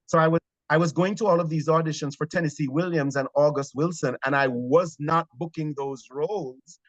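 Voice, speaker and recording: Jamaican male stage actor, interview guest, lively anecdotes with some hesitation, slightly high voice, dull dry recording. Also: a little fast, dry recording. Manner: animated storytelling with hesitations. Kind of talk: conversational interview.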